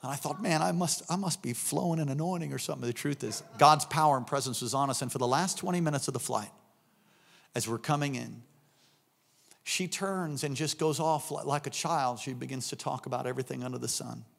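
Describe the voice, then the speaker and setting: A middle-aged man preaching a sermon, telling a story and acting out the voices in it, building up to shouts. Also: mid-range voice, a little fast, creaky. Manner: animated, acts out voices in anecdotes, rising to shouts. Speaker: pastor.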